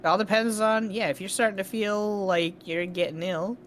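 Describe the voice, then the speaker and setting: A woman's voice: mid-range voice, steady tone, moderate pace. A woman player on a group stream, talking in a bubbly, playful and giggly way. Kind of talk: casual chat on a group stream. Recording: faint background noise.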